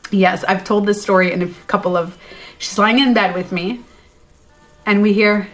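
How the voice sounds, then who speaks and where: A woman coach telling a personal story on a livestream, animated and chatty, blunt and now and then profane, into a phone mic. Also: medium pitch, moderate pace, soft background music. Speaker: beauty and life coach.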